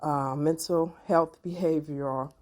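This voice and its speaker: A middle-aged woman, telling a personal story to her viewers in an animated, expressive way. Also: deep voice, a little slow. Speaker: vlogger.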